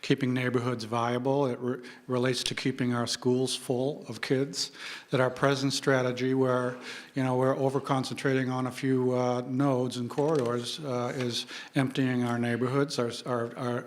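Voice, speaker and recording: A Canadian English-accented man argues his point in a live public debate. His speech stays in a narrow, even pitch band, and he stumbles and restarts often as he builds his case into a stage mic. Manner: halting, many restarts. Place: lecture hall with audience.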